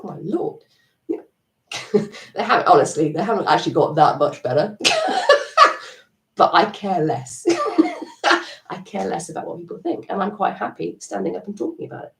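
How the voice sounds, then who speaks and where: Picked up by a distant mic in an echoey room, this gravelly, medium-pitched woman is middle-aged and leading a live-stream EFT tapping session. She keeps up a chatty, encouraging coaching patter and often laughs at herself.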